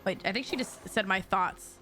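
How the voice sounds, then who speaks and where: A woman streaming a mystery game, reading the dialogue aloud and breaking off into excitable, jokey asides to her chat. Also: medium pitch, normal speed, soft background music. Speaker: VTuber streamer.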